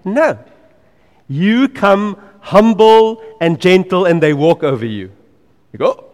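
A man preaching a sermon in an earnest, emphatic way. He repeats key phrases and drops to quiet asides. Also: sits high, animated, takes it slowly, big-room sound.

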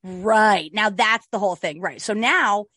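A woman's voice: mid-range voice, measured pace, sharp tone, no echo. A woman co-hosting a podcast, chatting casually and animatedly about a true-crime case, swearing and restarting often. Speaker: podcast co-host.

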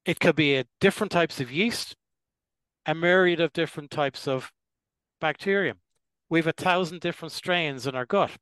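Older man, slightly high voice, measured explainer, dry close sound. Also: fairly bright tone, dry recording, rough recording. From Ireland. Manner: measured, deliberate, clears his throat now and then. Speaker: gastroenterologist guest. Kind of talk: explanatory interview answers.

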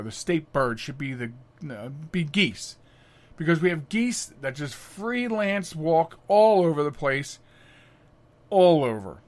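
A middle-aged man hosting a podcast, telling stories casually, chatty and animated, often laughing. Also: a little high. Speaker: podcast host. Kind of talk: casual storytelling monologue.

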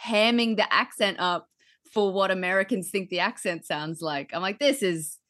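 A woman's voice: mid-range voice, fairly even intonation, normal speed, a bit bright. A woman from Australia with an Australian accent, chatting and laughing on a comedy podcast with playful rants. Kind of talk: casual chat.

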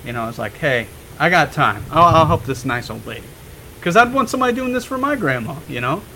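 A young man on a podcast telling a story in a casual, animated way, swearing freely and laughing as he goes. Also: fairly high pitch, quick pace, a little hiss or hum, rough recording. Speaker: podcast guest.

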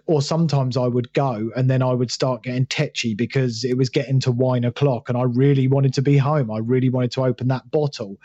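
Man, middle-aged, husky tone, dull dry sound, earnest, podcast guest. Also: medium pitch, a little mellow, dry recording. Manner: earnest, restarts often. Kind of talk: conversational interview answers.

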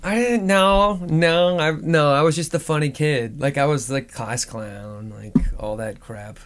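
A man's voice: a little high, unhurried, a bit bright. A man from Oklahoma, a musician guest, talking casually in an interview, rambling and joking with lots of fillers.

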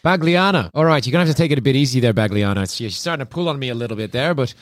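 A man's voice: mid-range voice, animated, rapid-fire, no echo, studio quality. A man playing a tabletop game, chatty and laid-back, often laughing. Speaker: player. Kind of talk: casual role-play chat.

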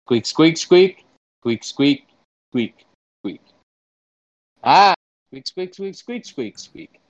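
A man voicing a haughty, menacing squirrel prince who speaks only in chattering squeaks, in a comedy sketch. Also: expressive, highs cut off. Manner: chattering squeaks in quick bursts.

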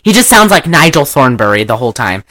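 Casting note: chatty woman host, lively swooping pitch, dry close sound, rambling recap with mock accents. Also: quick pace, dry recording. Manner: rambling and animated, breaks into loud laughter and mock accents. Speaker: podcast host recapping a film. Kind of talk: casual chat.

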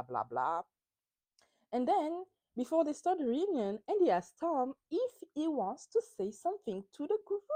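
A woman's voice: mid-range voice, a little mellow, no echo. A woman hosting a podcast, recapping reality TV in a casual, emphatic way and swearing freely. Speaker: podcast host.

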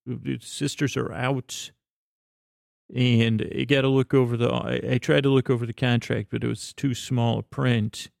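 A man spins a rambling, improvised bedtime story in a gravelly, mid-pitched voice. He halts and restarts often, leaning on fillers as he meanders. The sound is dry and close. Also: little pitch movement, moderate pace, a little mellow, dry recording. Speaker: storyteller addressing a pen pal.

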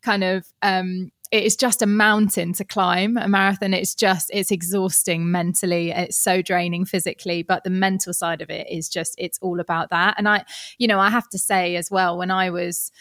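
A woman hosting an interview, talking in a warm, conversational way. Her voice is recorded dry and close, with no room sound. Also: on the low side, level tone, moderate pace, no room sound. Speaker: podcast host. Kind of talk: casual chat.

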